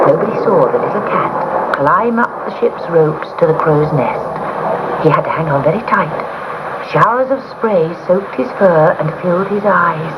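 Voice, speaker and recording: A woman's voice: on the low side, animated, moderate pace. A woman reading a children's story aloud with dramatic expression, on a muffled recording with hiss.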